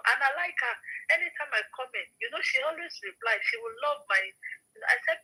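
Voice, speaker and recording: A woman's voice: high voice, expressive, quick pace, sharp tone, breathy edge, low-quality recording. A woman with a Nigerian accent in an emphatic, scolding casual gossip chat, repeating herself for emphasis.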